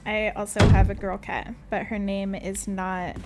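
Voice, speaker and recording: A woman's voice: mid-range voice, flat delivery, a little slow, heavy background noise. A woman streaming a horror video game, chatting casually and playfully to her chat and her cat, with self-mocking asides. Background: loud video game music.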